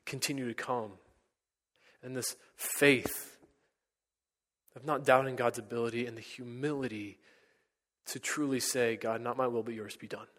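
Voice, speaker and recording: Male pastor, mid-pitch, earnest sermon delivery, long church reverb. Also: steady tone, moderate pace, long pauses. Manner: earnest, rising to emphatic peaks then dropping to hushed lines.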